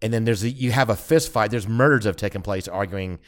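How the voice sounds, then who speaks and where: A middle-aged man with a lowish voice chats on a podcast. He rambles through his stories, doubling back and restarting as he goes. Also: brisk. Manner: rambling storyteller, many restarts and asides. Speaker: podcast co-host. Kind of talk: casual chat.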